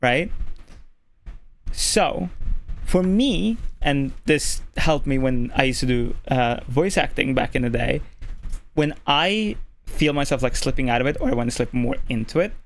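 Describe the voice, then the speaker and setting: A streamer from Norway with a male-sounding voice, casually explaining voice tips at a desk mic, keeping the voice relaxed and filling pauses with "like". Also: mid-range voice. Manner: relaxed, deliberately easy on the voice, lots of "like" fillers. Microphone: desk microphone.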